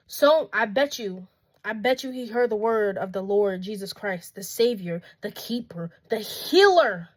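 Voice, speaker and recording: A woman's voice: on the high side, a bit bright. A woman preaching in a passionate, emphatic monologue and repeating her phrases. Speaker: faith vlogger.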